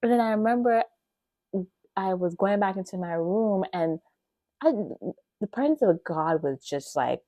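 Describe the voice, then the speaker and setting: A woman hosting a podcast, telling her faith testimony in an emotional, animated way, with gasps and many casual fillers. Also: medium pitch, a little slow, no echo. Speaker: podcast host.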